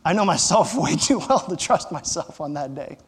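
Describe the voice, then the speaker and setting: A man's voice: on the high side, lively intonation, moderate pace, breathy edge, in a large hall. A man, a pastor, preaching a sermon in a conversational way, asking the listeners rhetorical questions and adding light humor.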